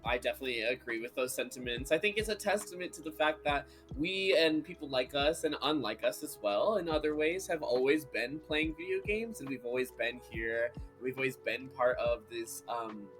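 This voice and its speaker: A man's voice: mid-range voice, normal speed, few pauses, over music. A man guest in a round table chat, thoughtful and hesitant with many "uh"s. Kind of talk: casual chat.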